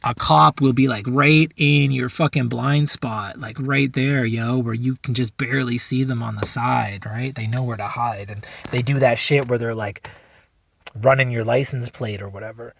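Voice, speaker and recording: A man's voice: mid-range voice, fairly even intonation, moderate pace, creaky, fairly bright tone, a little hiss or hum. A man hosting a solo podcast, telling a story in a rambling, laid-back way, swearing freely. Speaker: podcast host. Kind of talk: casual storytelling.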